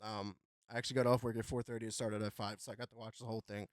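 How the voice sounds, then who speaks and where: A man's voice: lowish voice, racing, no echo, clean studio sound. Casual man rambling through gaming news. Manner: relaxed, rambling with many fillers. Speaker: podcast host.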